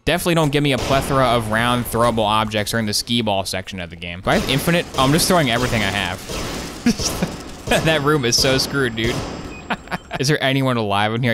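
A man's voice: mid-range voice, expressive, noisy background. Man joking through gameplay commentary. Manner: joking, sarcastic, quick asides with laughs. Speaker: gaming commentator.

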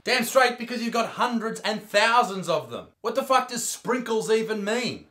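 A man's voice: sits high, expressive, moderate pace, pushed and bright. An Australian man doing a crude, mock-outraged comedy rant, reacting to clips.

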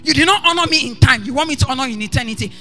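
A woman pastor preaching passionately and building to shouted emphasis, with faint music behind her. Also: high-pitched, animated, very fast. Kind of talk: sermon.

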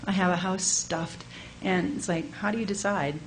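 A woman's voice: fairly low pitch, steady tone, normal speed, a little hiss or hum, rough recording. A woman at a workshop, speaking hesitantly and musing aloud. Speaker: workshop participant. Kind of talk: audience question at a workshop.

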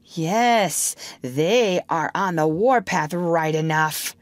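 A woman's voice: low-pitched, takes it slowly, dry recording. A woman voicing a bold, boastful boy adventurer who talks about danger in a brash, matter-of-fact way. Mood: eager.

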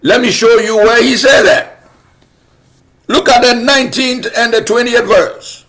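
Slow, high-voiced male preacher. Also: fairly bright tone. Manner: emphatic, repetitive preaching with rhetorical questions. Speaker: pastor. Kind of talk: sermon.

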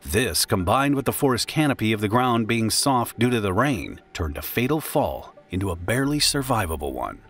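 A man giving grave, steady scripted documentary narration. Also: fairly low pitch, moderate pace, few pauses. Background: faint music.

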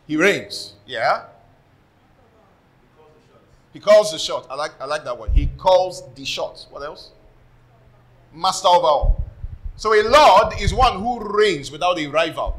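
Emphatic Nigerian preacher, bright voice. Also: male voice, high voice, poor audio. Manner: calls for congregation responses; emphatic preaching with rising intensity. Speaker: pastor. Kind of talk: sermon. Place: church service.

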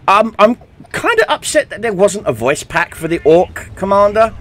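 A man's voice: high voice, sing-song, normal speed, a bit bright. Young British man, gaming commentary, casual, joking, filler-heavy. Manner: chatty, joking, many fillers. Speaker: gaming YouTuber.

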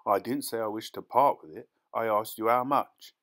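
A man voicing a blunt, greedy male farmer who speaks gruffly. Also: on the low side, normal speed, a bit bright, natural voice.

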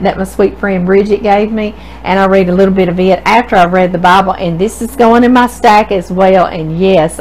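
A woman's voice: mid-range voice, a little hiss or hum, low-quality recording. Gushing Louisiana woman host. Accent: Southern US, Louisiana. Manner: gushing, effusive, calls viewer "girl". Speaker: cooking channel host. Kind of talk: casual chat reading viewer mail to camera.

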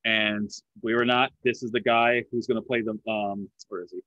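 A man's voice: on the low side, level tone, brisk, bright, forceful tone, no room sound. A man in his forties, from the United States, hosting a podcast in a chatty, easy-laughing way. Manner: chatty film buff, laughs easily. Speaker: podcast host. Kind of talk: casual interview chat. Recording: dry, dull lo-fi sound.

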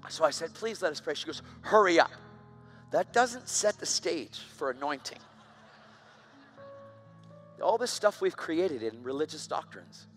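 High, bright-voiced animated male preacher. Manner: animated, voice rising to loud shouts when excited. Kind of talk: sermon storytelling.

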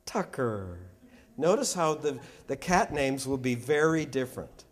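A man lecturing in a hall, bantering and teasing the crowd with an animated, playful delivery. His voice sits at a middle pitch and swings up and down a lot. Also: measured pace. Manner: animated, joking, teasing the audience. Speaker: art critic giving a lecture. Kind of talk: public lecture with audience banter.

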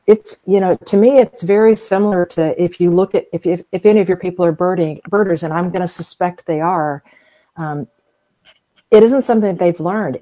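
A woman's voice: lowish voice, mellow. A middle-aged woman from the US South, a guest expert in an interview, explaining at length in a chatty way with everyday comparisons and frequent fillers. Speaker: whale museum guest expert.

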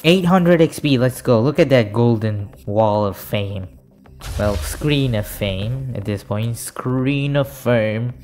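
Excitable young gamer over game music. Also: male voice, medium pitch, slow. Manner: excitable, yelps and cheers at kills, mutters asides. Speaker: gaming YouTuber. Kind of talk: live gameplay commentary.

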